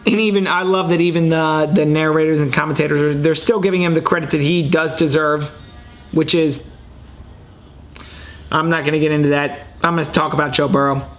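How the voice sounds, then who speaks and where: A man talking into his home camera and computer mic for a casual sports podcast. His voice sits a little high, and he rambles in an excitable way while poking fun at himself. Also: a little fast. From Ohio. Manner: rambling, excitable, self-mocking. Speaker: podcast host.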